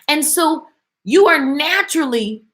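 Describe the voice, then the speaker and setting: Bright, high-voiced woman preaching to viewers. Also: unhurried. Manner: animated, preachy, talks straight to viewers. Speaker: motivational speaker and singer. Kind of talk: live-stream motivational talk.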